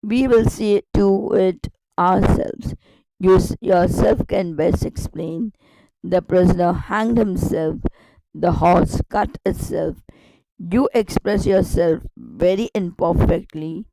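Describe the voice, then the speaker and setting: A woman's voice: on the low side, slow pace, gravelly, dark tone, no room sound, poor audio. A woman teaching a grammar lesson online, explaining step by step with repetition and rhetorical questions.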